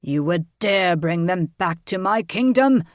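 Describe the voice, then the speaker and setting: A woman voicing an arrogant male dragon king who speaks slowly, loudly and with menace. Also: fairly low pitch, animated, no echo, clean studio sound. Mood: menacing. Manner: growling, slow and commanding.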